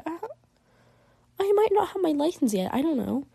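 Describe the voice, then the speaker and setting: High-voiced chatty woman gaming commentary. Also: gravelly, no room sound, studio quality. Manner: chatty and animated, quick reactions, giggly. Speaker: gaming video creator. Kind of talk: casual game commentary, reading choices aloud.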